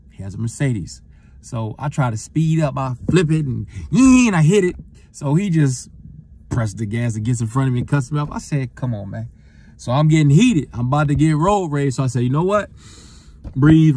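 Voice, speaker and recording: A middle-aged man, a retired football player, telling a personal story in a loose, rambling way that gets lively as he relives it. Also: medium pitch. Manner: relaxed, rambling with fillers, gets animated retelling the encounter. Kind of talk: casual storytelling monologue.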